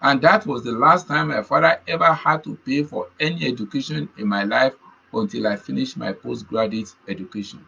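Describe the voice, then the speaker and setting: Gravelly preacher, bright and husky. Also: male voice, mid-range voice, brisk, dull audio. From Nigeria. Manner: earnest storytelling, repeating key phrases. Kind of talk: sermon with a personal testimony.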